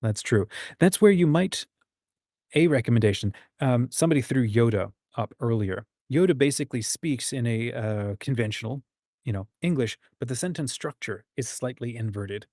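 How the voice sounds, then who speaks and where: A man's voice: medium pitch, expressive, moderate pace, a little mellow, dry recording, studio quality. A man hosting a casual livestream about writing, reading out viewer comments and musing aloud with frequent ums and restarts. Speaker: host.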